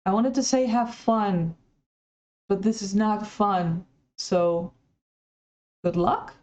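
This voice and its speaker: A woman's voice: mid-range voice, slow, a little mellow. Woman giving critical commentary, lo-fi sound. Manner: critical, conversational, hesitant restarts. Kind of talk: video commentary.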